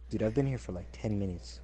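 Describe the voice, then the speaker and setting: A young man chatting casually, telling stories with lots of repeated words and loud acted-out quotes. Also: fairly low pitch, very noisy. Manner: animated storyteller, repeats words, acts out quotes loudly. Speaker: co-host telling work stories. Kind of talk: casual chat.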